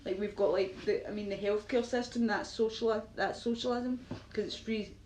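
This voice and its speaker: Live-streaming and answering viewers, a Scottish woman with a Glaswegian accent talks in a loose, filler-packed way, laughing frequently. Her mid-range voice is steady, a little mellow, and at normal speed, heard with roomy echo and faint noise.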